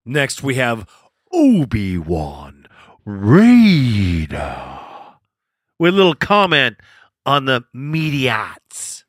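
A man's voice: medium pitch, lively intonation, slow pace, sharp tone, no echo, clean studio sound. A male host introducing callers in an amused, chummy way. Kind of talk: call-in show hosting.

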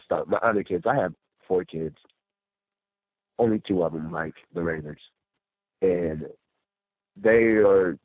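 A man's voice: deep voice, husky, no echo. A man calling into a radio show, sick and ranting angrily, repeating himself. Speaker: caller. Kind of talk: phone-in rant. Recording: tinny phone line.

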